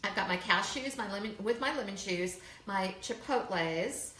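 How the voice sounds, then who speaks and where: A woman's voice: mid-range voice, moderate pace, bright, forceful tone. A woman chatting casually while demonstrating a recipe, laughing easily and sometimes talking with her mouth full. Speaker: cooking guest. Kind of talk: casual cooking demo chat. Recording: echoey room, mic at a distance.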